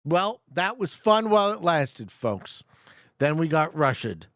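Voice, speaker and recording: Young male streamer, jokey running commentary, expressive pitch, close and dry. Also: unhurried, no echo. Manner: joking, talks back to his chat. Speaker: streamer playing a geography guessing game. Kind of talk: casual live gameplay commentary.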